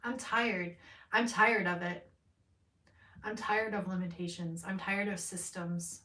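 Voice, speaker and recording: A woman with a fairly low, steady voice that's bright and forceful speaks slowly while doing a live-streamed tarot reading. She rambles candidly, swears freely and laughs often, and the distant mic gives a roomy sound.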